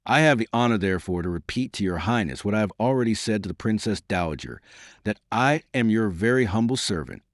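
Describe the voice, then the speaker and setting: A male reader voicing a courteous, shrewd young baron who speaks in a measured, formal way. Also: on the low side, animated, no echo, studio quality, close to an everyday voice. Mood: courtly.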